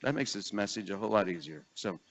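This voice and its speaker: A man's voice: on the low side, animated, fast, big-room sound. A middle-aged man preaching a sermon in a conversational storytelling way, acting out the people in his stories. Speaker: pastor.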